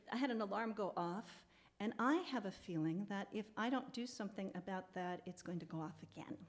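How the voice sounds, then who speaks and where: Between songs at her live online concert, a woman with a medium-pitched, somewhat dark voice chats with viewers by reading their comments. She's easygoing and talkative, quick to laugh, and her pace picks up as she rambles.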